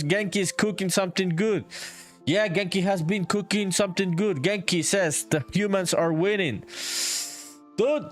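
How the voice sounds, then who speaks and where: High-voiced laughing streamer guy. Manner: laughs a lot, swears, keeps saying dude; reads chat messages aloud. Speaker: solo game developer live-streaming. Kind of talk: casual live-stream chat.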